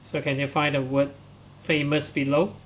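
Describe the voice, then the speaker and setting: A man's voice: a little high, flat delivery, slight background noise. A man teaching English, walking pupils through workbook answers and reading the text aloud step by step, starting many sentences with "so". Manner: slow, explains step by step, starts lines with "so".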